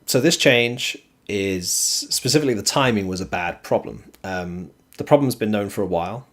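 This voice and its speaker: A man hosting a stream, talking through esports ranking rules in a steady, explanatory way with frequent ums. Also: on the low side, moderate pace. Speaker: streamer host. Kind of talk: casual esports commentary.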